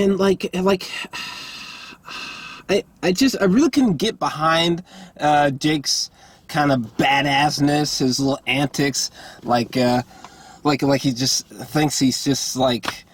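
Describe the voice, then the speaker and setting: A man with a fairly high, husky voice rants through a casual movie review. He sounds exasperated and swears freely. He stumbles over his words with lots of fillers and restarts. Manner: exasperated, profane, rambling with many fillers and restarts.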